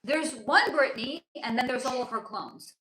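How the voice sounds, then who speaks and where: A woman's voice: high voice, lively intonation, moderate pace, noisy background. A woman hosting a casual livestream, answering viewer comments in a blunt, outspoken way and swearing freely. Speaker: livestream host. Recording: echoey room.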